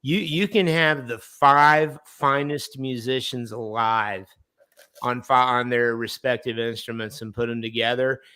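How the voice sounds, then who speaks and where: A man's voice: mid-range voice, fairly even intonation, measured pace, sharp tone, clear, resonant tone, no echo. A man co-hosting a comedy podcast, chatting casually in a rambling way with restarts. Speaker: podcast co-host.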